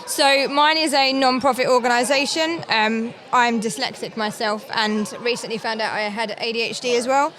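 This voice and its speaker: English woman with a London accent, slightly high. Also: a bit bright. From England. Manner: friendly, quick to laugh, explains plainly. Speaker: guest, founder of a police dyslexia network. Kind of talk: conversational interview. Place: conference floor.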